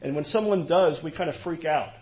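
A man's voice: on the high side, a little fast. A man preaching an expository sermon, asking rhetorical questions and often repeating words as he goes. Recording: dull lo-fi recording.

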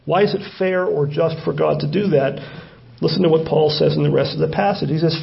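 A man with a high, gravelly voice preaching a sermon. He asks questions of his listeners and draws out key words from the verses he reads. The audio sounds dull and lo-fi. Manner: rhetorical questions, slowing to stress scripture. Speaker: pastor.

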